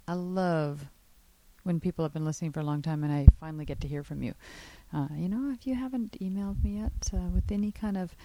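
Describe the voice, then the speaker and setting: A woman's voice: medium pitch, dark tone, low-quality recording. Chatty woman podcast host. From Canada. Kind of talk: casual podcast chat. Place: small home office studio.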